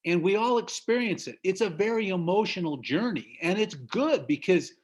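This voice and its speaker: This business trainer, a middle-aged man from the United States, speaks in a high-sitting voice with lively intonation at normal speed. His motivational business talk over video call is emphatic and preachy, punctuated by laughter at his own stories.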